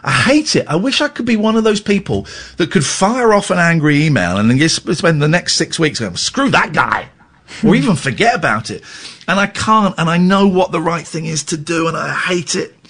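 A man's voice: on the high side, big pitch swings, a little fast, a bit bright. A middle-aged man, hosting a radio phone-in and telling a candid, rambling, self-deprecating story, with stammered restarts. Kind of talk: candid talk-radio monologue.

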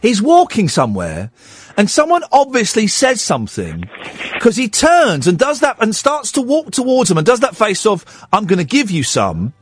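Male phone-in host, high voice, sardonic late-night chat. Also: moderate pace, husky, dry recording. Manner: sarcastic, animated, laughs at own stories.

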